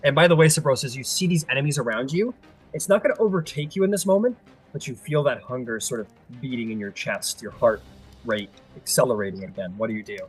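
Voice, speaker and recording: A man's voice: mid-range voice, fast, slightly rough, soft background music. A man running a tabletop game as game master, narrating in a chatty, playful way.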